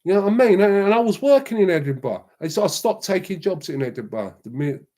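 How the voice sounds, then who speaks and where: A middle-aged man, a show guest rambling through slangy, lively anecdotes in casual chat. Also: sits high, fast.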